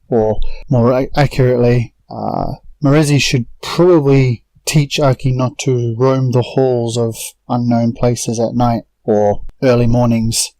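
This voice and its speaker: Man, tabletop player, mid pitch, dry recording, wry third-person narration. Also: darkish tone, no echo, poor audio. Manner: describes his character's actions in third person, measured and wry. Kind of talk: playing a tabletop game.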